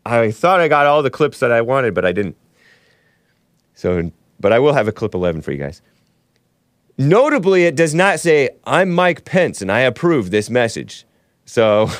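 Male host, slightly sick, sarcastic rambling delivery, mid-pitched, dry. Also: no echo. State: a little under the weather. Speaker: talk show host. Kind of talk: solo political commentary stream.

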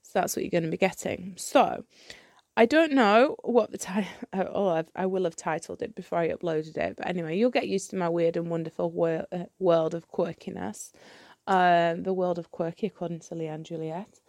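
Lady podcast host rambling away, bit of vocal fry, dry close sound. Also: lowish voice, normal speed, no echo. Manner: chatty and rambling, with many fillers and restarts. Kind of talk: candid solo podcast chat.

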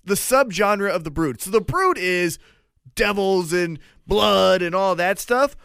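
An excitable man co-hosts a podcast in a casual chat, swearing freely as he acts out the lines he quotes. His voice sits high and swings widely in pitch. The sound is close and dry. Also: measured pace, vocal fry, clean tone, no echo. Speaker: podcast co-host.

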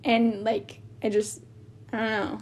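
A woman's voice: on the high side, little pitch movement, unhurried, a little mellow. A young woman chatting casually as a podcast guest, talking in a valley-girl way, full of "like". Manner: valley-girl speech with lots of "like". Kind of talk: casual chat.

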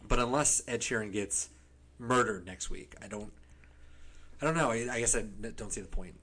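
A man's voice: on the low side, moderate pace, bright, forceful tone, slightly rough. A man co-hosting a casual chat, sarcastic and joking, sometimes slipping into silly voices. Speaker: podcast co-host.

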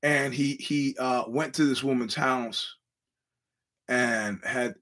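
Rambling, animated male podcast host. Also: medium pitch, takes it slowly. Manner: rambling, animated, acts out quoted voices. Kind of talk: casual storytelling monologue.

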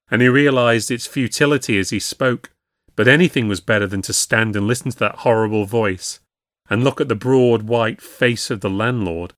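A man narrating a ghost story in a measured storytelling way for a podcast. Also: mid-range voice, a bit bright, no room sound, studio quality.

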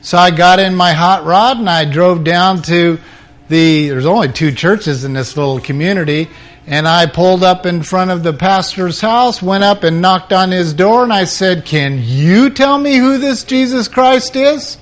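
A man's voice: high voice, normal speed. An older man, a preacher, telling his personal testimony as a dramatic storyteller whose voice rises at the intense moments.

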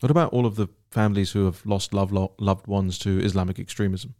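A man's voice: deep voice, fairly even intonation, brisk, a little mellow, no room sound, clean studio sound. A man hosting a solo political commentary podcast, talking in an indignant, emphatic way and repeating words for stress.

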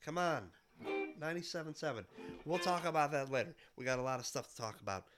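A man's voice: a little high, expressive, fast talker, over music. A man in his thirties with a cold, hosting a podcast in a rambling, nostalgic monologue full of fillers and restarts. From Midwestern United States. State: has a cold. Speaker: podcast host. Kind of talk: casual monologue.

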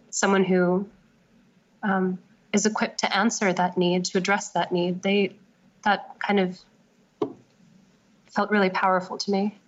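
Woman author musing out loud, lots of "kind of" and "like", kinda dull lo-fi audio. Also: fairly low pitch. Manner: hesitant, thinking aloud with many fillers. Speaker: novelist guest. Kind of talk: casual interview conversation. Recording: slightly dull lo-fi sound.

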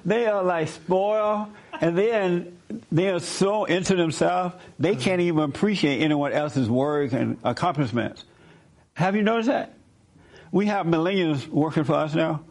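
A man's voice: a little high, normal speed, darkish tone. Blunt man lecturing and pressing questions. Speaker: interviewer. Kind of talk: probing conversational interview.

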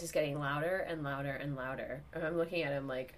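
A young woman with a New York accent telling a story on a casual podcast, animated and swearing, acting out the people in it. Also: low-pitched, fast talker, hardly any pauses. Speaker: comedian guest.

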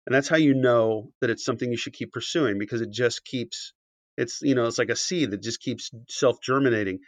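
In dull, dry podcast audio with no room sound, an author and animation writer shares a long anecdote as a guest. His mid-range voice moves a little fast, with plenty of fillers and restarts, and he acts out the quoted lines. At one point he is briefly choked up.

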